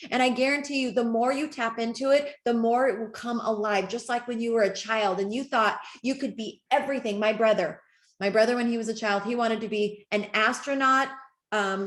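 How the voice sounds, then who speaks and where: A woman's voice: a little high, fairly bright tone. A middle-aged woman leading a motivational training talk for her network marketing team, earnest, emotional and encouraging. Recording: roomy echo.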